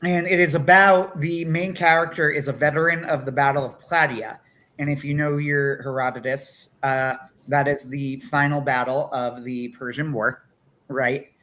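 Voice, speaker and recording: A man co-hosting a casual livestream talk, animated, acting out quotes between many fillers. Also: mid-range voice, moderate pace. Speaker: podcast co-host.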